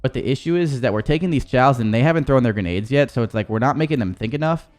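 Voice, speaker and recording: A man's voice: medium pitch, expressive, fast, darkish tone, soft background music. A man, an esports coach, casually reviewing gameplay footage in a rambling, profane way with many restarts.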